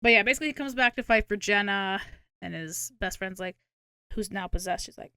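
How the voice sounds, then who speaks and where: A woman's voice: medium pitch, fairly quick, sharp tone, clean tone, no echo, clean studio sound. A young woman co-hosting a podcast, recapping a film in casual chat, swearing and acting out characters' lines. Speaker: podcast co-host.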